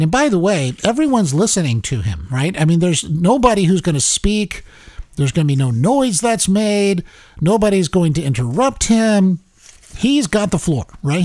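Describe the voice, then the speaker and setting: A man hosting a political talk show, giving commentary in an animated, repetitive way. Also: on the high side, no echo. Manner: animated, repeats words and restarts.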